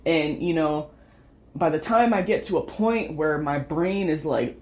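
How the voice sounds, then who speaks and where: Speaking at normal speed in a low, slightly mellow voice, a young woman vents at home in a rambling, frustrated monologue full of swearing. She's a vlogger, and the lo-fi home recording sounds dull.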